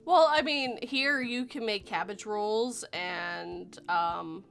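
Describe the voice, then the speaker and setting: A woman's voice: medium pitch, slow, gravelly, fairly bright tone, soft background music. A woman hosting a casual livestream chat, giggly and punny, reading viewer messages aloud. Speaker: podcast host.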